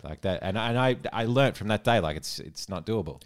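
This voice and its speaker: A man's voice: lowish voice, animated, a little fast. An Australian man co-hosting a podcast, chatting casually and often stumbling over his starts. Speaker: podcast co-host. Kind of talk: casual chat.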